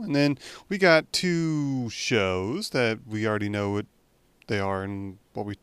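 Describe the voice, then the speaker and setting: A man's voice: fairly low pitch, a little slow, fairly bright tone, smooth, no echo. A young man co-hosting a podcast, talking in a chatty, rambling way with frequent restarts. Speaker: podcast co-host. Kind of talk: casual chat.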